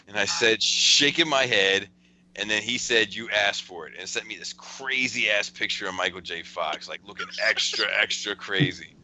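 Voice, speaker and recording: Bright-voiced man reading texts aloud. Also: on the low side, moderate pace, rough recording. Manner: chuckling, rambling storyteller with restarts. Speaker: podcast host. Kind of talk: casual chat, reading out text messages.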